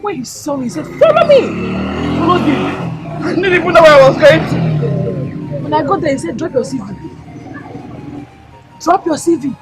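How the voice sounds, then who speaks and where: An actress playing a young woman excitedly telling how she got a job, with a Nigerian accent. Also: sits high, moderate pace, pauses often, loud music behind the voice, full character voice, rough recording. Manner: excited, storytelling with quoted voices.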